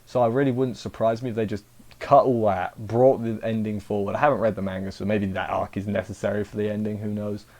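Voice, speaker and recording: A man's voice: fairly low pitch, flat delivery, quick pace, darkish tone. A young man casually reviewing an anime episode, rambling and chatty, acting out the characters' lines as he goes.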